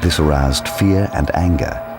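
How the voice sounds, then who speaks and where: A man reading scripted documentary narration in a lively, gravelly delivery. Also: extremely low pitch, unhurried. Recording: narration over loud music.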